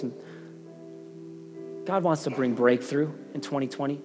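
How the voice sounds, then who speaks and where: A man's voice: mid-range voice, measured pace, long pauses. A middle-aged man preaching a sermon as pastor, earnest, often repeating words as he presses a point. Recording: long hall reverb with soft music behind.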